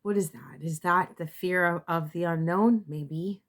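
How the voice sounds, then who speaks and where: With a voice on the low side, a woman who does tarot readings talks casually into the camera. She halts, restarts and fills gaps constantly, sounding moved and close to tears.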